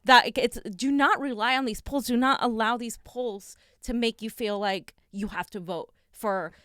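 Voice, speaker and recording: A woman's voice: on the high side, moderate pace, fairly bright tone, smooth, no room sound. A woman co-hosting a casual political live stream, earnestly urging viewers to get involved. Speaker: political show co-host.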